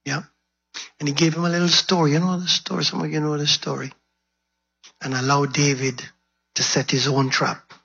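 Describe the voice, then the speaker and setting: A man preaching a sermon, retelling a story dramatically and acting out its quotes in a husky voice. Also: a little high, moderate pace, a bit bright. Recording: dull lo-fi recording.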